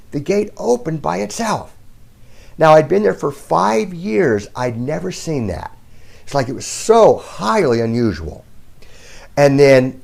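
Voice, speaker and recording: A middle-aged man speaking to the camera as a self-help speaker, telling a personal story in a calm, earnest way. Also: fairly high pitch, vocal fry. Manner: calm, earnest storytelling with lively ups and downs.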